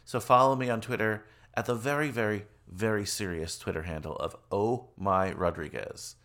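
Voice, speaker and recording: A man's voice: lowish voice, moderate pace, a bit bright. A man hosting a podcast, talking in a jokey, upbeat, casual way. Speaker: podcast host.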